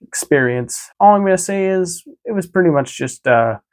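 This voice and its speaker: A man's voice: sits high, animated, normal speed. A man vlogging a casual recap of his day, easygoing and chatty, rambling with lots of filler words and restarts.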